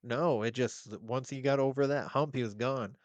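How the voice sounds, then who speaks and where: A man as a podcast guest, telling an eerie story in a casual, animated, profane and rambling way. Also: mid-range voice, normal speed, no room sound, lo-fi sound.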